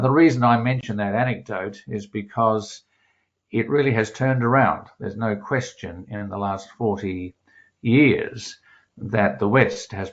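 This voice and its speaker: A man giving an academic talk as a guest speaker, measured and full of fillers and restarts. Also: lowish voice. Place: home office in Melbourne. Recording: dull lo-fi video call audio.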